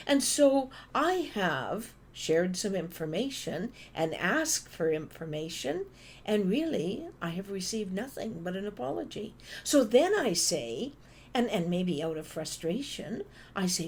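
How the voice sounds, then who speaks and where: A Canadian woman giving a motivational conference talk, telling stories and acting out phone calls in an animated way. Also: fairly low pitch, a little slow, a little hiss or hum. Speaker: conference speaker.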